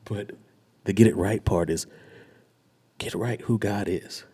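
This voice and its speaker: A young man, a pastor, sharing a personal testimony with a small group in an earnest, searching way, often dropping his voice to a hush. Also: on the low side, a little slow, slightly rough. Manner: earnest and searching, often dropping to a hushed, near-whispered delivery.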